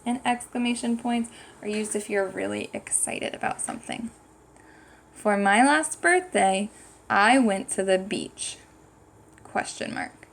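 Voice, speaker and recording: Female teacher for young kids: unhurried, patient, slightly gravelly voice. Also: mid-range voice, slight background noise. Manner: patient, thinking aloud and sounding out words. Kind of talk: slow, clear classroom lesson for young children.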